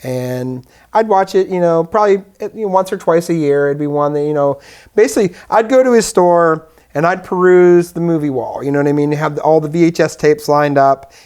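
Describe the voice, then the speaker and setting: A man's voice: on the high side, normal speed, darkish tone, clean tone. A man co-hosting a talk show, casually reminiscing, with many "you know" fillers. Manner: easygoing, reminiscing, filler-heavy. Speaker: podcast co-host. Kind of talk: casual nostalgic chat.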